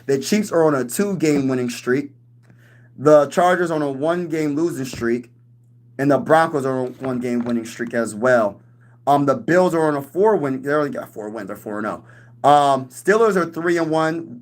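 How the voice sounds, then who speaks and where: A young man hosting a casual sports livestream, reading chat comments aloud and trash-talking other teams. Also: mid-range voice. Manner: hypes, reads and answers chat comments, talks trash.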